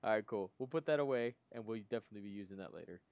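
A man's voice: lowish voice, very fast, darkish tone, clean tone, no echo. Jokey man in casual podcast chat. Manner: jokey, laughs often. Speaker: podcast co-host.

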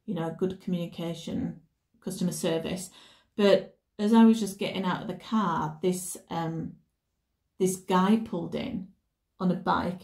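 A woman talks through a tarot reading in a loose, rambling way, stopping and restarting her sentences. Her voice is mellow and warm rather than bright. The room gives her voice a noticeable echo. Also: lowish voice. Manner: rambling, self-correcting storytelling. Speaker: tarot reader. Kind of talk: casual tarot reading chat. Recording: roomy echo.

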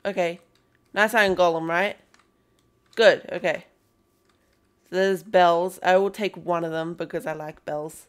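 A young woman talks her way through a game, bouncing between playful greetings to in-game creatures and quick muttered asides. She talks at an unhurried pace. Soft keyboard typing clicks along behind her. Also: lowish voice, clean tone. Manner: chatty and excitable, greeting game characters in a playful voice. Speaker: gaming video host. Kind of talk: casual gameplay commentary.

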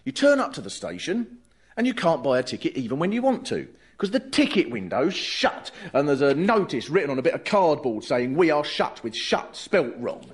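A man's voice: on the high side, big pitch swings, normal speed. A male comedian hosting, explaining his ideas in sardonic stand-up patter. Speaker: comedian host.

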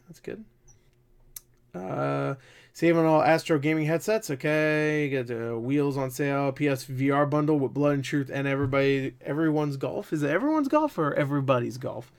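Casting: male gaming vlogger, mid pitch, excitable and loose, swears a lot. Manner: excitable, swears, laughs often. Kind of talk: casual commentary.

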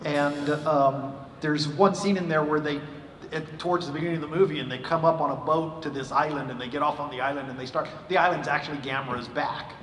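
A man's voice: a little high, fairly even intonation, fairly quick, a bit bright, slight background noise. A man, a voice actor on a convention panel, telling a casual anecdote with fillers. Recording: echoey convention hall, mic from far off.

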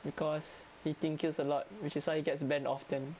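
Excitable Singaporean gamer guy. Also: a little high, brisk, a little hiss or hum, low-quality recording. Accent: Singaporean English. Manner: excitable, pleading and whiny with teammates, breaks into laughs. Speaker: gamer streamer. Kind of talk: live gameplay commentary.

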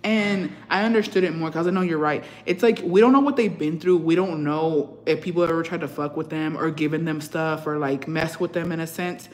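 A young woman hosts a casual livestream, telling stories with lots of energy, swearing freely and dropping into Spanish phrases. Her voice is low and brisk with hardly any pauses, and the sound is roomy.

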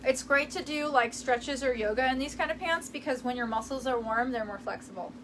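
A woman's voice: high-pitched, brisk, noisy background. A young woman from the United States chatting casually with her viewers, rambling and giggling as she sorts through old clothes in her parents' house. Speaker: vlogger. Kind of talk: casual chat reading live comments.

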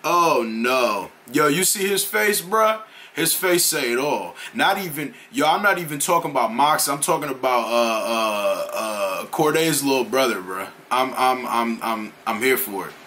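A man hosting a music reaction channel, talking in casual, slang-heavy commentary and hyping up what he hears with quick affirmations. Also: mid-range voice, animated, pushed and bright, slight background noise.

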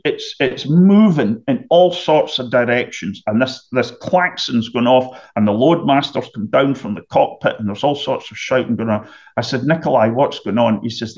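A middle-aged man from the United Kingdom tells a dramatic story as a podcast guest, clearing his throat again and again. His voice sits at an ordinary pitch for a man. The recording sounds a little muffled. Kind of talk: storytelling anecdote.

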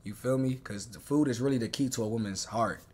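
A man's voice: fast talker, slight background noise. Hyped-up man reacting live. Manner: excitable, swings between loud hype and low asides. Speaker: streamer reacting to a video.

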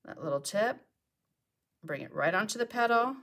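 Her voice medium-pitched, animated, and a bit bright, a middle-aged woman runs a live painting tutorial at normal speed in her home art studio. She chats freely and talks to herself as she paints.

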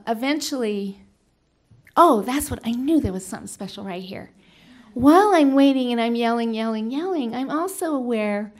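A middle-aged woman telling a personal story on a small stage before an audience, earnest and halting, with restarts and sudden loud shouts. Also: a little high.

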